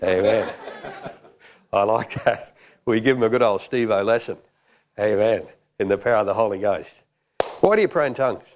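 Jokey preacher, low voice. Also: male voice, normal speed, pauses often, a little mellow, a little hiss or hum. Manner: jokey, conversational, with fillers. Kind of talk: sermon.

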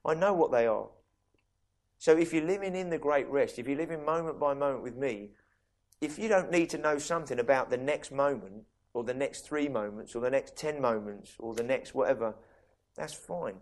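A man preaching a sermon in a conversational way, restarting sentences and asking listeners questions. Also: medium pitch. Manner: conversational, with many quick restarts and asides to listeners.

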